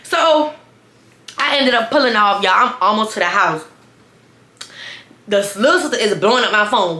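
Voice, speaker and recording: A young woman tells a story in a lively, sassy way and keeps turning to her viewers. Her voice is bright and forward, and the room gives it a noticeable echo. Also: medium pitch, normal speed, pauses often. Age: 20s. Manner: animated, sassy, talks straight to viewers. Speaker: storytime vlogger. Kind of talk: casual storytime.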